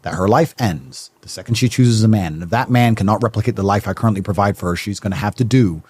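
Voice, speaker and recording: A man's voice: on the low side, quick pace, a little mellow, husky. A man speaking as a podcast guest in casual conversation, blunt and emphatic, laying out his views with a stubborn edge.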